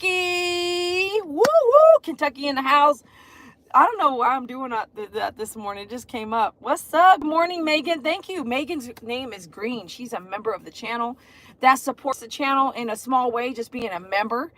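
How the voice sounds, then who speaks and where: A middle-aged woman hosts a casual livestream. Her voice sits high, and she gushes over her viewers, calling out names and leading bouncy chants. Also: normal speed, sharp tone, slight background noise. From Texas. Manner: effusive, greets viewers by name, sing-song chants. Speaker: dog groomer and livestream host.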